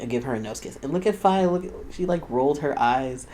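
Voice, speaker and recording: A man's voice: medium pitch, lively intonation, quick pace, darkish tone, slight background noise. A young man hosting a reaction video, chatting casually and laughing often as he quotes the people he watches.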